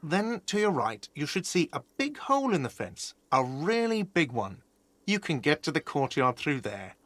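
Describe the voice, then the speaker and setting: Game role: an irritable middle-aged cafeteria manager, touchy and dry-voiced. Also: male voice, a little high, very animated, normal speed, a bit bright, no room sound. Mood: grumpy. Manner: defensive, irritable, snippy. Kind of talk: video game voice acting.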